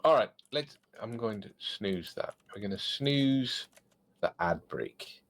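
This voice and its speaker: A man hosting a casual podcast, reading funny online stories aloud and joking about them with animated asides. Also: lowish voice, takes it slowly. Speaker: podcast host.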